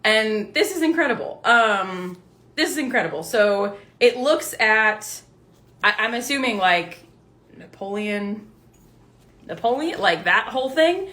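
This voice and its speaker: A bright, forceful young woman talking through a book haul in an easy, chatty way. She gets excitable and swears freely as she reads out book blurbs, her voice sitting a little high. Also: measured pace. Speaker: book vlogger. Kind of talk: casual book haul chat to live viewers.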